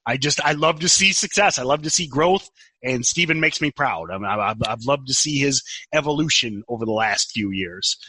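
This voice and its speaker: A man's voice: mid-range voice, brisk, husky, no echo, rough recording. An older man co-hosting a podcast, chatting casually and teasing his co-host with jokes. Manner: animated, teasing, joking. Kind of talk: casual chat.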